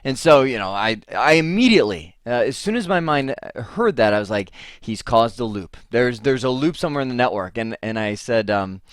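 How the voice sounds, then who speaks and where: A middle-aged man gives a casual tech lecture and slips into storytelling, playing both ends of a conversation. His voice sits at an ordinary pitch and sounds close and dry, with no room around it. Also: moderate pace, hardly any pauses, dry recording. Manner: animated storyteller who acts out both sides of a phone call. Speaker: IT instructor. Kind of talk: casual lecture with a told anecdote.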